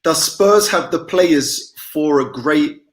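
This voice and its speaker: A man's voice: a little high, slow, a loud crowd. A man hosting a casual football podcast over a video call, reading out comments and teasing his co-hosts. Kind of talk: casual banter.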